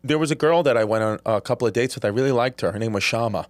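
A man's voice: medium pitch, dry recording. A man hosting a comedy podcast, telling rambling, crude stories. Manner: rapid, rambling, crude storytelling. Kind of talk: casual podcast chat.

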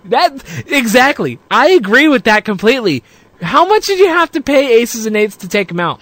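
A man's voice: very high voice, sing-song, moderate pace, a bit bright, no echo. An American man hosting a casual wrestling chat show, teasing his co-host and laughing a lot. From United States. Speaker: podcast host.

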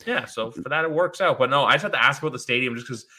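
Bright-voiced man chatting excitedly. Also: mid-range voice, rapid-fire. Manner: rambling, excited, lots of fillers. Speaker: podcast host. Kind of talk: casual chat.

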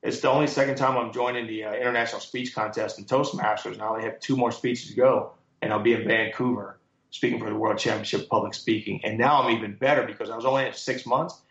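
A man being interviewed as a guest speaker, telling lively stories and quoting others with emphasis. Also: mid-range voice, fast talker. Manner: animated storyteller, quotes others with emphasis. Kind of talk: storytelling interview answers. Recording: echoey, muffled sound.

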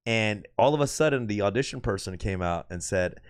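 A man's voice: fairly low pitch, expressive, fairly quick, no room sound, clean studio sound. A man who is a podcast host and actor, telling a story in casual, profane chat and laughing as he goes.

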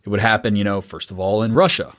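Low-ish guy host rambling through a podcast interview, lots of you knows, dry close mic. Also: fairly even intonation, quick pace, a bit bright, no echo. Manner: rambling, self-deprecating, lots of fillers. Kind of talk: casual interview chat.

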